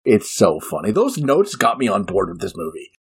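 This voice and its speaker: A man with a husky, slightly breathy voice talks through a film's plot for a podcast. He tells it casually and with energy, breaking into laughter as he goes. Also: on the low side, moderate pace. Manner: animated, laughing storyteller. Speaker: podcast co-host. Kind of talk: casual film discussion.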